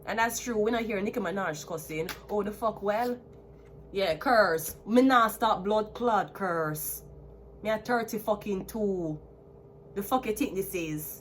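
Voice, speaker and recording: A Jamaican woman in her thirties talks straight to camera, defiant and swearing freely. She slides between thick patois and plainer English. Her voice sits at an ordinary middle pitch for a woman. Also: moderate pace, a little hiss or hum. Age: 30s. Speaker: tarot reader. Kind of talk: ranting to camera.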